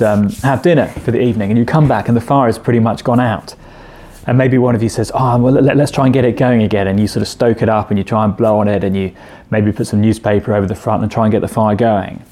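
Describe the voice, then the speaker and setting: A man's voice: lowish voice, dark tone. A man preaching a sermon in a conversational way, asking rhetorical questions and often restarting his phrases.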